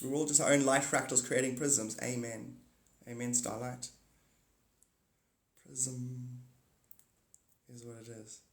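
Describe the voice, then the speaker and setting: A man hosting a casual livestream, rambling excitably, swearing freely and cutting himself off mid-thought. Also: medium pitch, normal speed, echoey room. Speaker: livestream host.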